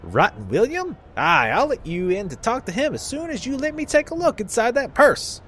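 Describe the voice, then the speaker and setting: A man's voice: extremely high pitch, big pitch swings, moderate pace, fairly bright tone, a little hiss or hum, pitched above the performer's own voice, exaggerated voice. A man voicing a menacing male street thug who sneers and threatens.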